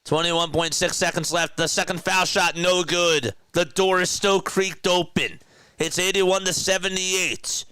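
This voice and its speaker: A man's voice: sits high, steady tone, a little slow, bright, forceful tone, clear, resonant tone, no room sound. A young man from South Jersey with a South Jersey accent, calling live basketball play-by-play in a chatty way, laughing at his own asides. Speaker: play-by-play commentator.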